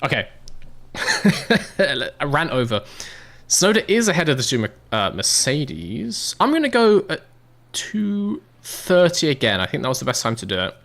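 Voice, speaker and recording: A man's voice: a little high, wildly swooping pitch, normal speed, vocal fry, a bit bright. A young British man casually commentating a racing manager game, chatting and answering chat in a rambling, swearing way. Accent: British English. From Britain.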